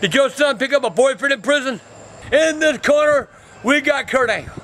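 An actor playing a hot-tempered, foul-mouthed grandpa in a comedy web series, ranting and yelling insults in a gravelly voice. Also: male voice, moderate pace, a little hiss or hum. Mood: mocking. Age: over 60. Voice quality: gravelly, high-pitched, shouty. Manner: cursing constantly, yelling insults.

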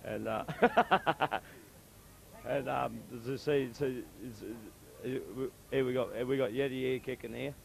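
A man co-commentating a local rugby league match in a rambling, halting way, full of fillers. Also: mid-range voice, gravelly, a little hiss or hum.

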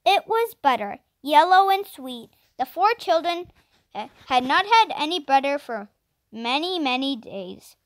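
A woman reads a children's chapter book aloud with a gentle, expressive lilt. Her voice is high and very melodic. The recording is dry and close. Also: a little slow, no room sound. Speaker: children's audiobook reader. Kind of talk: storybook reading.

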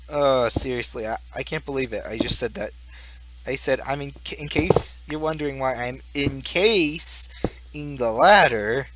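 Young male gaming YouTuber, slow and singsong, giggly, rambling commentary over faint noise. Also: medium pitch. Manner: rambling, goofy, laughs at his own jokes. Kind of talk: casual Let's Play commentary.

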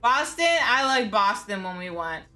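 A woman's voice: medium pitch, animated, normal speed, bright, forceful tone, soft background music. A young woman chatting casually, teasing her partner. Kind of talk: casual chat.

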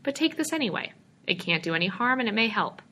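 A woman's voice: mid-range voice, big pitch swings, quick pace, bright, forceful tone, slight background noise, voice pushed up, poor audio. A woman reading aloud, voicing a little middle-aged male stranger who is a patient, coaxing brush peddler. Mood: salesman patter.

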